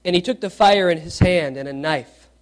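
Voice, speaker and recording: His voice sits high and his pace is normal as he delivers a sermon, reading scripture and quizzing the congregation. Loud, animated questions give way to hushed moments of emphasis.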